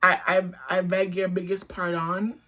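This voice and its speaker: A woman's voice: on the low side, monotone, moderate pace, sharp tone. A young woman telling a storytime vlog in a blunt, profane, indignant way. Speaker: storytime vlogger.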